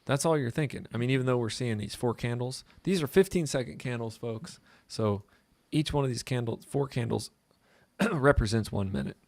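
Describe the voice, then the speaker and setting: Creaky-voiced man joking through trades. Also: mid-range voice, normal speed, a little mellow, no echo. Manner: joking, rambling, jumps into silly voices. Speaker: co-host of a trading show. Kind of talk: casual banter over live trading.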